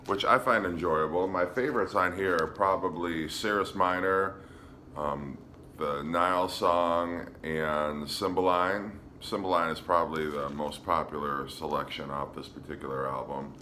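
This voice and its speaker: A man casually showing his record collection on a vlog, relaxed and hesitant, with frequent ums. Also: low-pitched, a little slow, slight background noise. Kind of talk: casual show-and-tell vlog.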